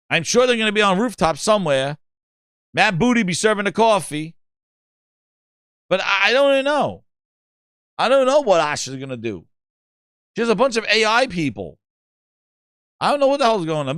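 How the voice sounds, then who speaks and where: Male gaming host, crude mocking rambler; high, bouncy voice. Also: big pitch swings, moderate pace, pauses often, fairly bright tone, no echo, studio quality. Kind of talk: casual gaming commentary.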